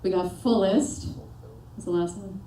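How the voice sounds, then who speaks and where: A woman working as a performance coach, giving an energetic motivational seminar and pushing the audience with questions and commands. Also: medium pitch, unhurried. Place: seminar room with a live audience. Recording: echoey room, voice picked up from a distance.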